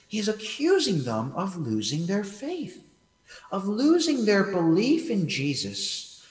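A young man preaching a sermon as pastor, emphatic and conversational. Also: high-pitched. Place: church hall. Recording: echoey church hall, voice from far off.

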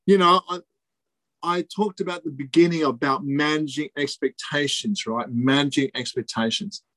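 A man preaching a sermon, emphatic, repeating key phrases and pausing for effect. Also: on the high side, fairly bright tone, no room sound.

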